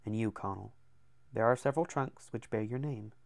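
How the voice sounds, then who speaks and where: A man voicing a calm hooded male Templar who speaks quietly and breathily with an odd accent, in an audiobook. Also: fairly low pitch, moderate pace, no echo. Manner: quiet, breathy, near whispered, oddly accented.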